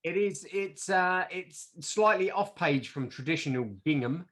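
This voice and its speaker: A man's voice: sits high, lively intonation, a little slow, a bit bright. A man co-hosting a podcast, riffing playfully and slipping into mock voices. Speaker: podcast co-host. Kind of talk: casual chat.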